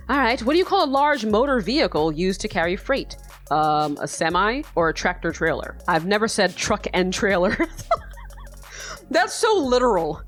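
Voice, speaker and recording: A woman's voice: mid-range voice, sing-song, normal speed, soft background music. A young American woman giving casual, sarcastic commentary while she takes an online quiz, swearing freely and laughing often. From United States. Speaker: YouTuber.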